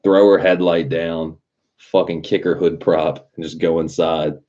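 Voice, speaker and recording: Male streamer, very deep mellow voice, profane rambling storyteller. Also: flat delivery, measured pace, lo-fi sound. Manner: profane, rambling storyteller who laughs at his own stories. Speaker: livestream host. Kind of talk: casual livestream chat.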